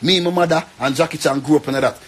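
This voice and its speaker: A man's voice: fairly high pitch, quick pace. A young man with a Jamaican accent, rambling and pleading in an emotional rant to the camera. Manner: pleading, rambling, repeats himself.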